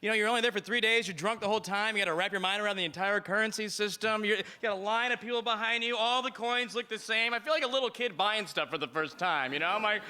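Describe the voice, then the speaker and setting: Bright-voiced deadpan stand-up comic. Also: male voice, sits high, fast talker, hardly any pauses, clear, resonant tone. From Missouri, USA. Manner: dry, deadpan delivery with sudden voices. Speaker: stand-up comedian. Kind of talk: stand-up comedy set.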